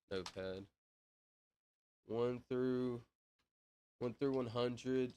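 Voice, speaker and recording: A young man livestreaming, chatting loosely with his chat, reading out names and laughing loudly. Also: lowish voice, slight background noise. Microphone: headset mic.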